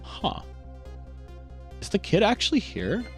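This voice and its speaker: A man streaming a game, chatting casually and reading the on-screen text aloud in an animated way. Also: high voice, slow pace. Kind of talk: casual let's-play commentary. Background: faint game music.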